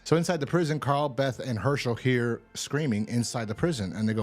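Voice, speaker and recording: A man's voice: medium pitch, a little fast. A man casually recapping a TV episode, rambling and swearing as he acts out the characters' lines. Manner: rambling, profane, acts out quotes. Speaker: TV show reviewer.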